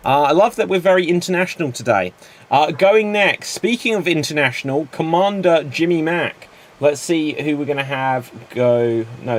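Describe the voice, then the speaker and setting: A man's voice: on the high side, a bit bright. A man hosting an improv comedy show, setting up games and calling time.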